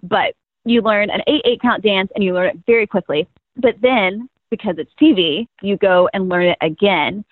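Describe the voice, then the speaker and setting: A woman's voice: mid-range voice, normal speed, no room sound. A young woman in her twenties, a first-year pro cheerleader, chatting bubbly in an interview and laughing often. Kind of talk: casual interview storytelling. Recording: tinny phone-like line, dry.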